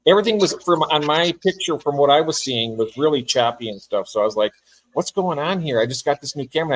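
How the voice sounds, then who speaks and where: A man who is a guest on a casual livestream, easygoing and rambling, quick to laugh at himself. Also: mid-range voice, poor audio. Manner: easygoing, rambling, self-deprecating.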